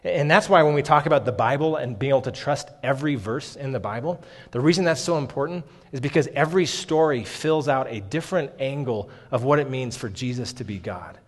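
A man's voice: mid-range voice, a little fast. A man preaching a sermon on a Bible passage in an earnest, emphatic way, often saying "okay", in a church hall. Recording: long hall reverb.

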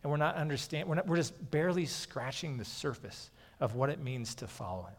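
A man preaching a sermon in a relaxed, conversational way, often pausing to say "okay". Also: a little high, big-room sound. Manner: conversational, frequently saying "okay". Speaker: pastor.

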